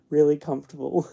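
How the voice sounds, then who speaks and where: A man's voice: a little high, vocal fry, mellow, breathy edge. A man chatting casually on a livestream while lying in bed, drowsy and murmuring. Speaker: livestream host. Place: bedroom, in bed.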